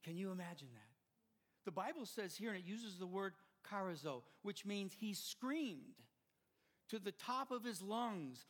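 An older man preaching a sermon as pastor, impassioned and swelling louder at the climaxes. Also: high-pitched, lively intonation, a little slow.

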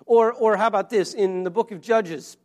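A pastor giving a sermon in a conversational way, often restarting and repeating words. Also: male voice, high-pitched, moderate pace, a little mellow.

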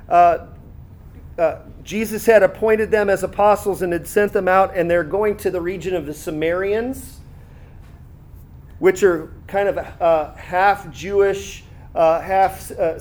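Guy with a high voice preaching, lots of uh's and restarts, reads verses then talks about them. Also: darkish tone. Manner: conversational preaching with many fillers and restarts; reads scripture aloud, pausing to comment. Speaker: pastor. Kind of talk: sermon.

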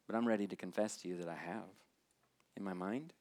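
A man's voice: low-pitched, a little fast, a little mellow. A male preacher giving a sermon in a conversational way, often putting questions straight to the listeners.

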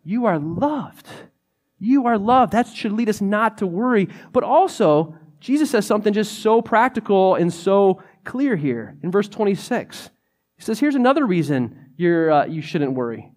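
A young man preaching a sermon in a conversational, animated way, often saying "like". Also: high voice, moderate pace. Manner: conversational, animated, many "like" fillers.

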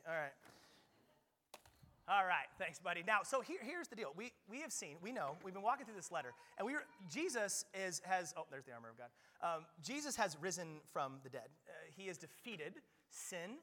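A male pastor preaching a lively sermon at a church service, playful and joking with frequent quick restarts. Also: high voice. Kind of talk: lively sermon with audience play.

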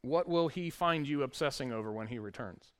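A man's voice: mid-range voice, lively intonation, brisk, fairly bright tone, clean tone. A male pastor preaching a sermon, reading scripture aloud with wry, conversational asides to the congregation.

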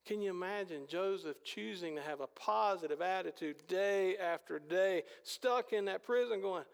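High, gravelly-voiced male preacher in a hall. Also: normal speed. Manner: animated storytelling with rhetorical questions. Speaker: pastor. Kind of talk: sermon. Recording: long hall reverb.

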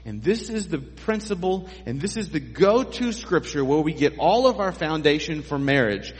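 A man's voice: fairly high pitch, animated, moderate pace. Man preaching in an echoing hall. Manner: conversational, jokey asides to the congregation. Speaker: pastor. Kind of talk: sermon.

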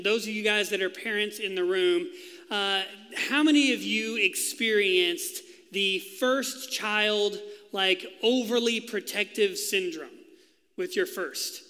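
A man's voice: high-pitched, sharp tone. A man in his thirties, a pastor preaching a sermon, telling a funny story and acting out quotes before turning earnest. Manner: playful storytelling with acted-out quotes. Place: church hall. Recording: long hall reverb.

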